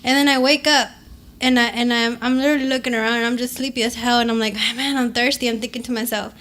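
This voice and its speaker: High-voiced woman telling a profane story. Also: steady tone, fast talker, a bit bright. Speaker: podcast co-host. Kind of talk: casual chat.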